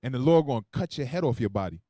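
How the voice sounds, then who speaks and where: A man preaching to his congregation at a rapid clip, his pitch leaping all over as he jokes and then drives his point home. He calls out verses for someone else to read, swinging between loud emphasis and quiet, muttered asides. The sound is close and dry. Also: lively intonation, no echo. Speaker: preacher teaching a Bible class. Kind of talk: sermon with call-and-response scripture reading.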